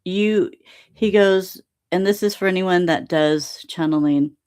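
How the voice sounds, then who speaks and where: Woman on a live stream, low voice, animated storytelling w/ laughs. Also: measured pace, smooth. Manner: animated storytelling, laughs often, acts out quoted exchanges. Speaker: channeler hosting a live stream. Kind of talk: casual live-stream talk.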